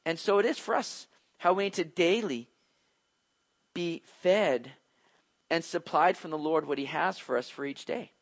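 A high-pitched man preaching a sermon in a loose, conversational way. He gets animated and acts out the voices of the people in his stories, with casual asides along the way. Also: measured pace, long pauses. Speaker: pastor. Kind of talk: expository sermon.

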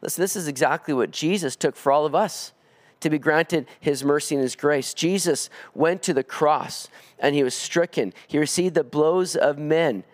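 A man preaching an expository sermon, earnest, climbing higher when he presses a point. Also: moderate pace. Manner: earnest preaching, rising in pitch on emphatic pleas. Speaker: pastor.

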